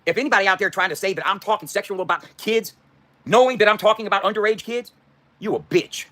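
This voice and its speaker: A man's voice: high voice, fast talker, sharp tone. Man, middle-aged, heated profane rant, slightly raised voice, livestream talk.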